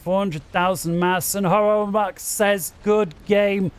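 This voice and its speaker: Bouncing in his chair at a desk mic, this male commentator grows increasingly excited as he cheers on players in a strategy game match. He's high-pitched, smooth, and slow-paced.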